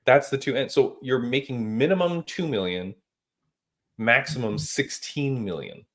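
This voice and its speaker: A man hosting a casual podcast chat, telling stories in an animated, emphatic way with casual slang. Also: mid-range voice, unhurried. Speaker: podcast host.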